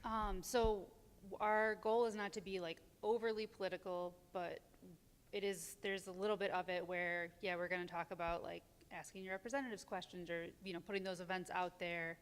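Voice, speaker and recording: Woman, smooth clear voice, hesitant, lots of ums, reverberant church hall. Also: lowish voice, fairly even intonation, brisk. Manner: hesitant, many ums, nervous laughs. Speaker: community group organizer, guest. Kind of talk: casual on-stage interview. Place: church sanctuary.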